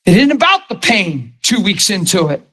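A man preaching a sermon, telling his own story, dropping to a hush and then raising his voice to drive a point home. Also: high voice, very animated, moderate pace. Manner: testimony swinging from hushed to raised voice.

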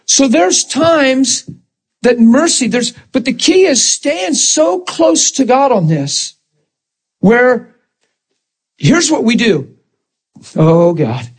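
A man with a husky, breathy voice pitched well above most men. He is a Christian minister telling stories in an emphatic, animated chat, his pitch swinging widely and laughter breaking into his words. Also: slow pace.

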